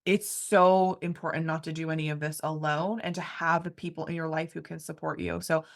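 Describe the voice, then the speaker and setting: Effusive woman host, low-pitched voice. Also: flat delivery, fairly quick, creaky. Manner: effusive, gushing, filler-heavy. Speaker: interview host. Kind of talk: heartfelt conversational interview.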